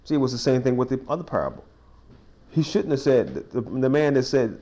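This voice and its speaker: A man's voice: medium pitch, fairly quick, dull audio. A man leading an informal verse-by-verse Bible study in a small cafe, folksy and conversational, with frequent restarts and you-knows. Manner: informal, folksy, builds to excited sports stories.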